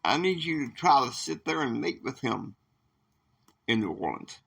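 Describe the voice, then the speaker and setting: A man's voice: mid-range voice, very animated, moderate pace, gravelly, a bit bright, slightly rough, full character voice. A man voicing a president in an amateur role-play, scolding and authoritative, and giving orders. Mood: commanding. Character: impression of a stern, commanding male president.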